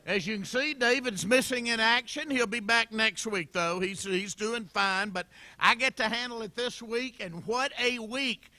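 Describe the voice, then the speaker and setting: Bright-voiced jovial male emcee. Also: very high-pitched. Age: middle-aged. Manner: jovial storytelling, quick asides. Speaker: event host. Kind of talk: luncheon emcee remarks.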